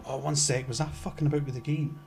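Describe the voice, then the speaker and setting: A man's voice: a little high, fairly even intonation, fast, creaky, a little mellow, slightly rough. A young man co-hosting a podcast, rambling in casual chat with fillers and easy swearing. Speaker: podcast co-host.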